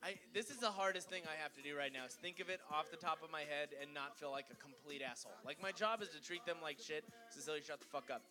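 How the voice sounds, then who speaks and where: A man's voice: on the high side, quick pace, hardly any pauses, over music. A man hosting a live comedy competition, crude, loose and teasing.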